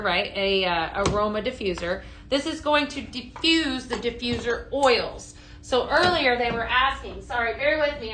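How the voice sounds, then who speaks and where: A woman's voice: fairly high pitch, sharp tone, a little hiss or hum. A woman hosting a live home-fragrance sales stream, chatty and full of ums and okays, greeting viewers by name while demonstrating products.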